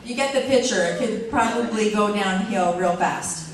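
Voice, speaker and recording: A woman's voice: medium pitch, normal speed, a crowd in the background. A middle-aged woman co-leading a casual church talk on marriage, conversational and plain-spoken. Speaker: co-speaker, the speaker's wife. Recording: echoey room from far off.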